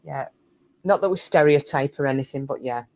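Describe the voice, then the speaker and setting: A woman's voice: deep voice, a little fast. A woman hosting a casual live-stream chat, rambling and self-interrupting with frequent jokes. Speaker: livestream host.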